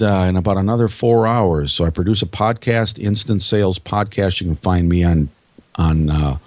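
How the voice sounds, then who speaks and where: A man with a Minnesotan accent gives a punchy, motivational pitch as a podcast guest and keeps hammering on his main phrases. His voice sits on the low side. The recording is dry and close, with no room sound. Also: no room sound. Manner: emphatic, motivational, repeats key phrases. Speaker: sales trainer and podcast guest. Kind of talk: podcast interview.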